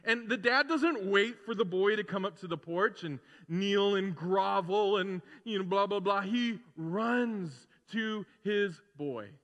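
A high-pitched pastor preaches unhurriedly with few pauses, heard through a muffled recording with a long reverb tail. He keeps the sermon casual and conversational, animatedly acting out characters as he retells a story and making asides.

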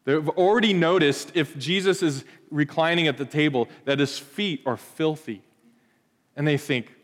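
A male pastor in his thirties delivers a sermon in a lively storytelling manner with playful asides. His voice sits a little high for a man. The sound carries a long reverb from a church hall. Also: normal speed.

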